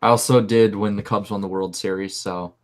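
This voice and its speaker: A young man co-hosting a podcast, talking casually and animatedly, rambling and repeating words when he gets excited. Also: fairly low pitch, brisk. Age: young adult. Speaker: podcast co-host. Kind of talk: casual chat.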